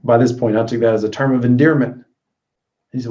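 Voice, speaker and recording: A man telling a personal story as a motivational talk, earnest, swinging from loud bursts to hushed lines. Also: mid-range voice, fairly even intonation, a little fast. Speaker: motivational speaker. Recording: dull lo-fi recording.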